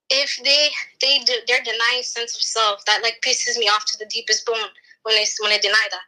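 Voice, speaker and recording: An American woman calling in, with a high voice that is very bright and cutting. She tells stories in an animated way, acting out what she said and swearing freely. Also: normal speed, low-quality recording. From United States. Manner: animated storytelling, heavy "I was like" and swearing. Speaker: caller. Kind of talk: casual call-in chat.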